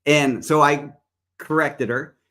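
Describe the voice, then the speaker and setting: A man's voice: on the high side, fairly even intonation, slow, bright, forceful tone. Conversational man teaching a Bible study. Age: adult parent. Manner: conversational, with personal stories and scripture readings.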